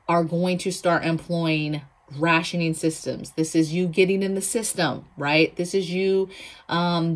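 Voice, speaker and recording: A woman talks straight to her viewers about preparing, pressing each point and circling back to repeat it. Her voice sits a little low for a woman. She drops into mocking asides now and then. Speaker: prepping channel host. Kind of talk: casual talk to camera.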